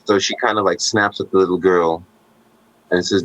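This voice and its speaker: A man co-hosting a podcast, telling stories in casual conversation with animated asides and jokes. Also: deep voice, brisk, no room sound, muffled recording. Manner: animated storytelling, joking asides.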